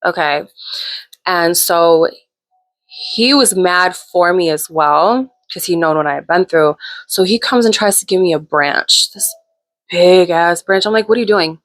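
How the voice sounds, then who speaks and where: A woman's voice: on the low side, measured pace, a bit bright. Frank, profane woman telling a story. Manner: candid, profane, chatty. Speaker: host. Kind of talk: casual storytelling.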